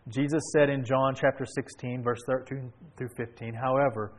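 A man preaching a sermon and retelling a story, swinging between hushed and emphatic delivery. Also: medium pitch, fairly even intonation, normal speed, poor audio.

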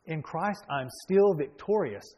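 A man's voice: a little high, animated, a little slow, warm tone. A man preaching a sermon and reading a story aloud, earnest, with self-deprecating asides.

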